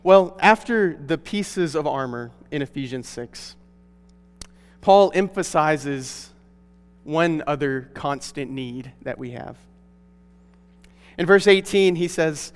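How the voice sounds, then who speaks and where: A man's voice: fairly high pitch, unhurried. A pastor delivering an earnest, emphatic sermon to his congregation in a church. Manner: earnest, emphatic preaching with rising stresses. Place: church sanctuary. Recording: long hall reverb.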